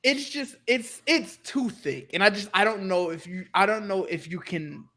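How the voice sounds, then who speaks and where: A man's voice: high-pitched, moderate pace, pushed and bright. A man in a casual podcast chat who hesitates, restarts his sentences and laughs while he talks. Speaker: podcast co-host.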